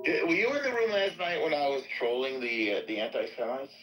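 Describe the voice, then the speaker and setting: A man's voice: medium pitch, very animated, a little fast, a bit bright, slight background noise, low-quality recording. A man hosting a casual online audio chat room, joking and teasing in a loose way.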